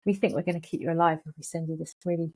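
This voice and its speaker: Woman, psychologist guest, animated, casual interview talk. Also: deep voice, rapid-fire. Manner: lively, animated, acts out thoughts in quoted voices.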